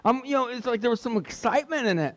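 A man's voice: extremely high pitch, lively intonation, quick pace, big-room sound. A man preaching a sermon in an earnest way, repeating key points for emphasis.

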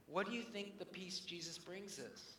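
A man's voice: high voice, moderate pace, bright, forceful tone, slight background noise. A man in his thirties preaching a sermon with earnest energy, rising to emphatic peaks and falling to near whispers. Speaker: pastor. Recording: echoey hall with long reverb.

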